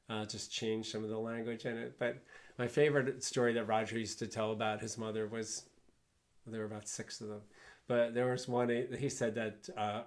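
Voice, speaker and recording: Man telling rambling fond stories. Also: on the low side. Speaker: guest speaker. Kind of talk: anecdotal storytelling.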